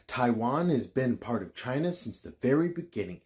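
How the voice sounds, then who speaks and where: A man's voice: mid-range voice, sing-song, normal speed, darkish tone, close to an everyday voice. A man playing China as a stern, hungover man who sounds irritable and threatening. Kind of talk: comedy sketch acting.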